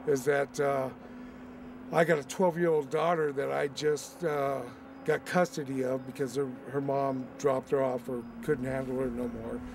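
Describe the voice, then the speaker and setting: A man, a father, speaking sincerely in an interview, halting with many pauses. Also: medium pitch, level tone, gravelly, far from the mic, background noise.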